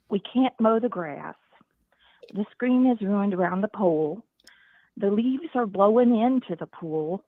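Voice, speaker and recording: A middle-aged woman calling into a livestream, speaking in a slow, weary way with sighs and hesitations. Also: medium pitch, animated, no room sound. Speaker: caller. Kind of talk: phone call into a livestream. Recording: tinny phone line.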